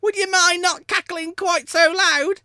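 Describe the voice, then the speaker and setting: A man voicing a small, polite little creature husband in a squeaky voice. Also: fairly even intonation, a little slow, pushed and bright, no room sound, full character voice.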